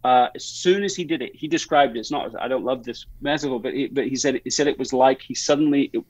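A man's voice: mid-range voice, quick pace, a little mellow, no echo, poor audio. A man talking as a guest in a podcast interview, rambling through an anecdote with many restarts and fillers. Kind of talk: conversational interview.

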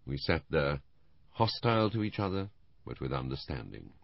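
A man narrating an audiobook in the first person, measured and steady. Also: very deep voice, creaky, no room sound, lo-fi sound.

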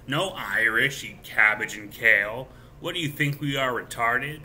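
Slow, sharp-voiced man rambling. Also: medium pitch, expressive, slight background noise. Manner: halting, with many filler pauses. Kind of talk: rambling solo monologue.

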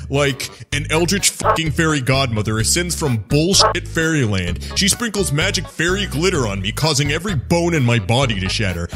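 A man's voice: a little high, a bit bright. A foul-mouthed, sarcastic skeleton, played by a man in a fan-dubbed comic. He rambles through long, crude rants in a slightly raised voice. Faint music sits underneath. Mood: exasperated. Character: wisecracking sardonic skeleton guy, crude. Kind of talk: fan dub acting.

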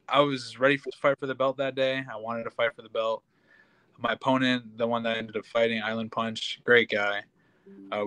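A male fighter answers questions with a bright, forward tone and speaks on a flat, even pitch. He sounds laid-back and modest, and the recording is dry. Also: no room sound, rough recording. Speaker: guest fighter. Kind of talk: casual interview.

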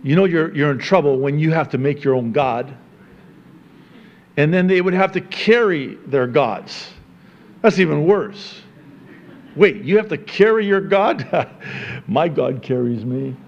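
Animated preaching pastor, slow delivery. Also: male voice, highs cut off. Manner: animated preaching, rising high and loud for emphasis then dropping low and quiet; conversational, chuckling asides to the congregation. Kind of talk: sermon.

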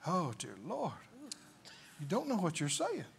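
High, lively preaching man. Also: unhurried, creaky, breathy edge. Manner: emphatic, with rhetorical questions. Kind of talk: sermon.

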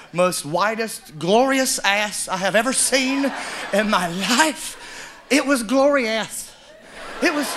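Guy doing stand-up, high voice, noisy live club recording. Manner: drawling storyteller, animated and loud, mimics characters. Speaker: stand-up comedian. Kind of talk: stand-up comedy set. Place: comedy club stage with live audience.

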